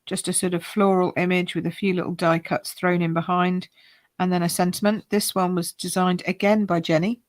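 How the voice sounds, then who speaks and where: A woman's voice: on the low side, no echo. A woman hosting a live card-making class, chatting cheerfully and greeting viewers by name as she shows her cards. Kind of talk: chatty live-stream craft demonstration.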